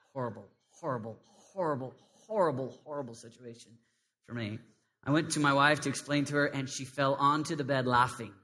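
Squeaky high-voiced preacher in a hall. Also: male voice. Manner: animated, swinging between loud emphasis and quiet prayer. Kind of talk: live sermon to a youth congregation. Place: large hall with a live crowd. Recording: long hall reverb.

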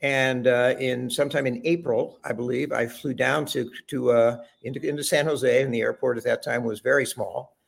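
A man's voice: mid-range voice, fairly even intonation, moderate pace, creaky, breathy edge. An older man, a former chef, telling long rambling stories as a podcast guest, with frequent restarts. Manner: rambling anecdotes with many restarts. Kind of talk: conversational storytelling.

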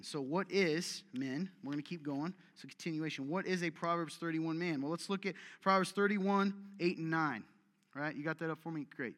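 Male preacher, exhortative and direct, fairly high pitch, long hall reverb. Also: moderate pace, pushed and bright. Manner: exhortative, direct, repeats commands for emphasis. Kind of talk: sermon. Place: church meeting room with audience.

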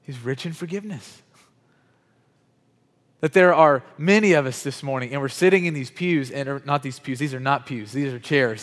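A man preaches in an easy, conversational way, often speaking to people in the room by name, then climbs louder and higher on his main points. His voice sits at an ordinary middle pitch. It carries a long reverb from a church hall and drifts off the mic at times. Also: moderate pace. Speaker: pastor. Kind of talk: sermon.

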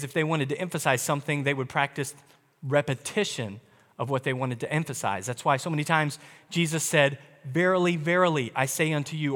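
A man preaching a sermon, emphatic, slowing down on key words and speeding through asides. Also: fairly high pitch, a bit bright. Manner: emphatic, varies pace, slow deliberate stresses with quick asides. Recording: long hall reverb.

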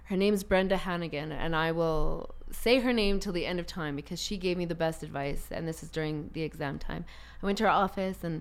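A woman in a casual conversation as a guest, telling stories in an animated way and laughing often. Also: on the low side, a little fast, few pauses, clear, resonant tone.

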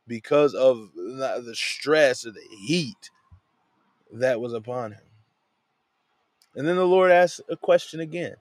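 A man's voice: medium pitch, a little slow, dry recording. A man teaching a Bible passage in a loose, conversational way, often tossing in "man" and "you know what I'm saying". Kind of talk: casual Bible study talk. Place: lives in a van.

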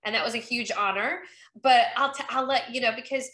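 A woman's voice: fairly high pitch, brisk, a bit bright. A woman running for Congress, talking in an upbeat, chatty way in a casual interview. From North Carolina. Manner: upbeat and chatty, acts out quoted conversations. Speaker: congressional candidate. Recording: roomy echo.

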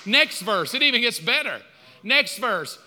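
A man preaching a sermon in a church, lively and conversational, acting out back-and-forth dialogue with God. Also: extremely high pitch, a little slow, big-room sound, background noise. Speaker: pastor. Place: church sanctuary.

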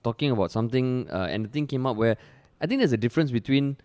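A young man with a Singaporean English accent, co-hosting a casual podcast and telling stories in a lively, joking way. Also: mid-range voice, fast talker. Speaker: podcast co-host. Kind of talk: casual discussion.

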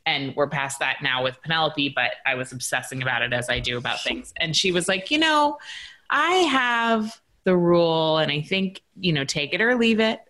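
Woman, podcast co-host, low voice, chatty, lots of fillers. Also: brisk, few pauses, sharp tone. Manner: chatty, storytelling, with many fillers. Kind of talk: casual podcast conversation.

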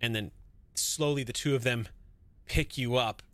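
At medium pitch and an unhurried pace, with no echo, a man game-masters a tabletop sci-fi horror session. He lays out rules and describes scenes in a relaxed manner, often using fillers and restarting his sentences.

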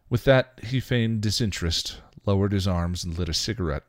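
Deep male reader, dry, for steady story narration. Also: moderate pace, hardly any pauses, dry recording. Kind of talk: reading fan fiction aloud.

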